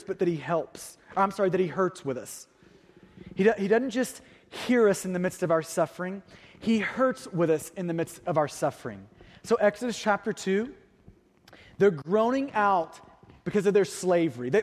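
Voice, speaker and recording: A man's voice: high voice, expressive, normal speed, in a large hall. A man preaching a sermon, telling a personal story with vivid detail and rhetorical questions to the congregation. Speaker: pastor.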